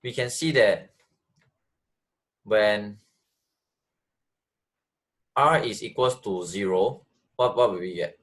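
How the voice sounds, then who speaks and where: A man's voice: on the low side, takes it slowly, long pauses, a bit bright. A man tutoring math, explaining step by step, repeating phrases and checking that his student follows. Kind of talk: online tutoring lesson.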